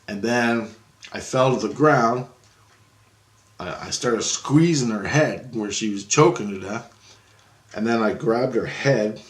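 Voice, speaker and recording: A man telling a story in a rambling, excitable way, with lots of swearing and restarts. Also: medium pitch, slow pace, long pauses. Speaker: vlogger. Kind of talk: casual storytelling.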